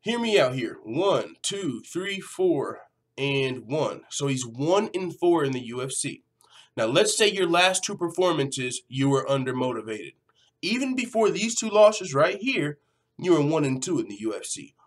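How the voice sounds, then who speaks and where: A man's voice: fairly high pitch, measured pace. A man hosting an MMA news vlog, talking casually and animatedly, swearing often. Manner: animated, profane, conversational. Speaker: MMA news channel host.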